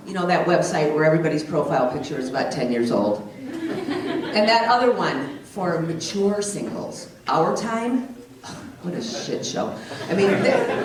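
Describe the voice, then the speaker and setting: A middle-aged woman doing a stand-up comedy set, teasing the crowd with brash jokes. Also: mid-range voice. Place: comedy club stage. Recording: echoey club from far off with loud crowd. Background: audience laughter.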